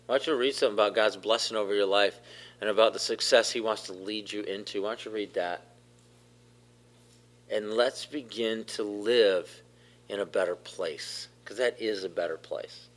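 Male pastor, sermon delivery, low-ish voice, emphatic and repetitive, quizzes listeners. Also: normal speed. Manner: emphatic, repeats phrases, questions the congregation.

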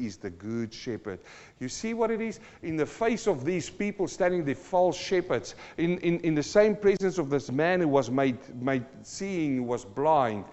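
Impassioned preacher in an echoing hall. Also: male voice. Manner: impassioned, swings between loud emphatic peaks and low quiet passages; slows down to stress key phrases, repeats words. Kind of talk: sermon. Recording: dull sound with long hall reverb.

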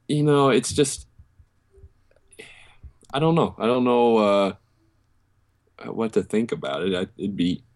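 A young man with a lowish voice talks sports in a loose, casual way. He hesitates often, circling back with "um" and restarts as he works out his opinion. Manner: hesitant, thinks aloud with many fillers and restarts. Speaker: podcast co-host.

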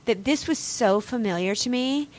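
A woman's voice: on the high side, expressive, normal speed, a little mellow. Chatty, joking woman podcast host. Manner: chatty and joking, with frequent fillers like "like". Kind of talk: casual podcast chat.

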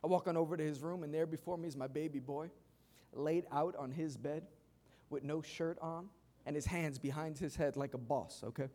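A man's voice: on the high side, fairly even intonation, normal speed, warm tone. A man in his thirties, a pastor preaching a sermon to a church congregation, emphatic and mixing in humorous stories. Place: church service before a congregation.

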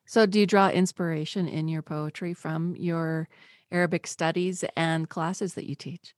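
A woman's voice: sits low, fairly even intonation, a little slow, no echo, clean studio sound. A woman hosting a radio show, chatting with her guests in an upbeat way. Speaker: radio host. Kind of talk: casual radio interview.

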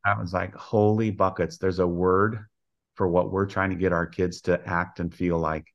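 Deep-voiced older man telling stories earnestly. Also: flat delivery, normal speed, dull audio. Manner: earnest storyteller who acts out quoted dialogue. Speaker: college softball head coach, guest. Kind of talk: storytelling interview.

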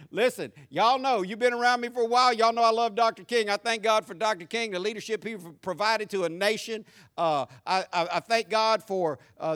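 High-voiced Southern pastor preaching. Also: male voice. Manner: humorous storytelling, energetic preaching to the congregation. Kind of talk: sermon.

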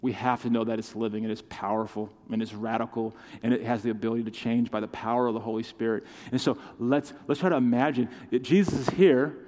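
A man's voice: mid-range voice, steady tone, fast talker, few pauses, a little mellow. A man preaching a sermon as pastor, passionate and direct, calling out to his congregation for responses. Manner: impassioned preaching with call-and-response. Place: church sanctuary. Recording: long hall reverb.

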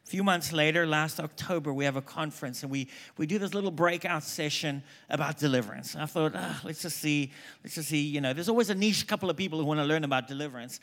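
A man's voice: a little high, fast. A man preaching at a conference, telling stories animatedly and voicing the people he quotes. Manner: animated storyteller, quoting people in hushed voices. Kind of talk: conference sermon with storytelling.

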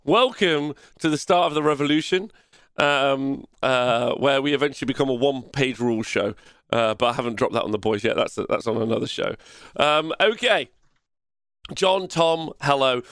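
A man with a Nottinghamshire accent hosts a relaxed live-streamed chat, loose and joking, filling gaps with ums and laughs. His voice sits at a middling pitch and is recorded close and dry. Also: moderate pace, smooth, no echo. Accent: Nottinghamshire English. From England. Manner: loose, jokey, lots of fillers and laughs. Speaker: podcast host.

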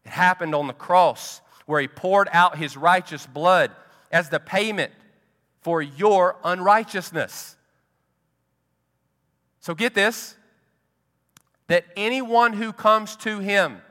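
A male pastor preaching a sermon slowly and emphatically, dropping to quiet for effect. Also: sits high. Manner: slow, emphatic preaching with dramatic drops to quiet. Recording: long hall reverb.

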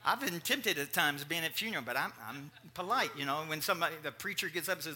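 A man preaching a sermon in a conversational, animated way, breaking off for joking asides to the congregation. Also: on the high side, quick pace, few pauses.

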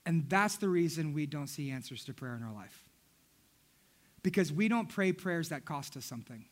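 A man's voice: fairly high pitch, lively intonation, moderate pace. A man, a pastor preaching a sermon in church, telling funny stories and talking straight to the congregation. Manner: humorous storytelling, talking directly to the congregation.

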